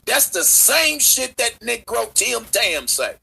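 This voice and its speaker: Man, streamer; sharp, strained, husky voice; heated profane rant. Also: very high-pitched, very animated, slow, soft background music, poor audio. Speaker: livestreamer. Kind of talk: livestream rant.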